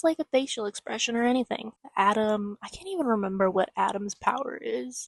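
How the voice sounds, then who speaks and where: A chatty young woman recaps a novel in a loose, swearing vlog voice, slipping into bits of the characters' lines. Her voice sits a little high, and the sound is dry and close. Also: dry recording. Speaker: book vlogger. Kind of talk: casual spoiler recap.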